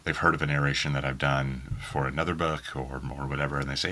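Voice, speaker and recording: A man's voice: rumbling low, flat delivery, fast, sharp tone. A man from Oklahoma with a faint Southern accent, an audiobook narrator answering interview questions in a rambling way full of ums. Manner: rambling, many ums and restarts. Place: small home booth in a spare bedroom.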